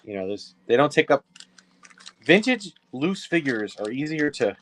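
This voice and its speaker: A man's voice: mid-range voice, sing-song. Chatty man running a live toy auction. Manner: chatty, self-correcting, quick asides to viewers. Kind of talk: casual live auction patter.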